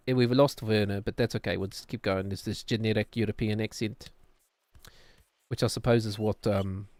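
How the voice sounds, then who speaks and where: A man, chatting casually and rambling while he streams a game. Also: fairly low pitch. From New Zealand. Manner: rambling, musing, self-deprecating. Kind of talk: casual gameplay chat.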